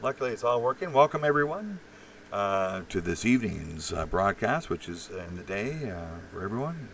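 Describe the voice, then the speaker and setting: Low-voiced man ranting, distant from mic. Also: very animated, normal speed, fairly bright tone, a little hiss or hum. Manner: profane, rambling, many fillers and restarts. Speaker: live stream host. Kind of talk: rambling live-stream monologue, reading chat.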